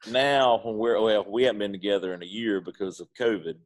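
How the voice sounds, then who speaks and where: Man, Eastern North Carolina accent, very deep voice, drawling, relaxed interview guest. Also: brisk. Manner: laid-back Southern storytelling, drawling. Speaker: guest, pitmaster. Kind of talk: casual interview chat.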